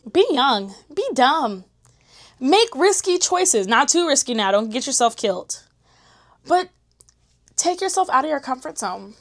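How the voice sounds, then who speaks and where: A young woman chatting candidly to camera, slangy, emotional and encouraging. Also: fairly high pitch. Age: young adult. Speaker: vlogger. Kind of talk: casual chat to camera.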